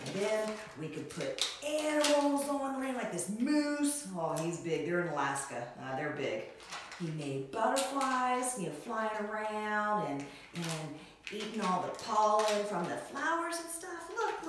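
A middle-aged woman teaching a Sunday school lesson to young children, with an animated, sing-song way of talking. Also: medium pitch, noisy background. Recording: echoey room, from far off.

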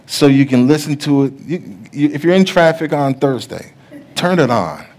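A middle-aged man preaching a sermon as pastor, telling stories that act out other people's voices and building to loud preaching. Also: on the high side, expressive, normal speed. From USA. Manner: storytelling, rising to loud preaching; acts out the voices in his stories.

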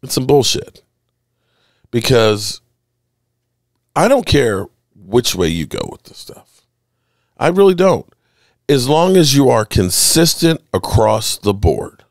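A man's voice: medium pitch, slow pace, pauses often, dry recording, clean studio sound. A man hosting a sports podcast, ranting indignantly over game clips and repeating his points. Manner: animated, indignant, repeats himself.

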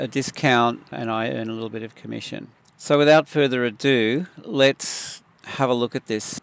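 Gravelly, relaxed man explaining photo edits. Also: mid-range voice, no echo. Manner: relaxed, conversational, explains step by step with fillers. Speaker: photography tutor. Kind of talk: casual software tutorial.

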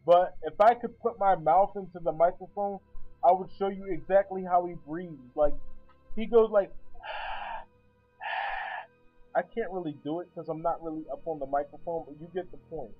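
High-voiced man rambling a sarcastic movie review. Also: fairly quick, breathy edge, narrow, tinny audio, faint music behind. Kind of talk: casual spoken movie review. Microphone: sitting back from the microphone.

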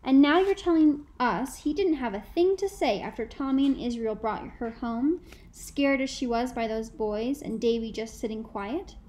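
A woman voicing a folksy male trial lawyer who questions a witness gently and coaxingly in an audiobook reading. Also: on the high side, moderate pace, few pauses, lightly acted. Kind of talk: audiobook dialogue.

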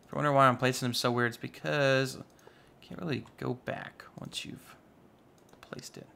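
A man's voice: mid-range voice, fairly even intonation, normal speed, vocal fry, pushed and bright, slight background noise. A man giving casual, chatty commentary while playing a modded block-building game, rambling with playful asides. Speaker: Minecraft YouTuber.

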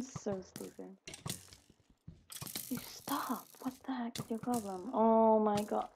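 A woman's voice: on the high side, steady tone, slow, creaky, pauses often, heavy background noise. A young woman chattering to herself while playing a video game, giggling and exclaiming as things happen. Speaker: gaming video creator. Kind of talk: casual gameplay commentary.

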